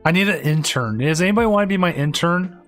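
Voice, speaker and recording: A man's voice: fairly high pitch, expressive, fast, a bit bright, faint music behind. A man hosting and casting a live tournament stream, talking casually and rambling with many restarts and fillers. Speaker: tournament stream host and caster.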